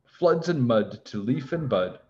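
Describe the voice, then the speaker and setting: A man voicing a calm, easygoing old wizard. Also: medium pitch, moderate pace, lo-fi sound, natural voice. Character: calm, cheerful old male wizard who sings spells.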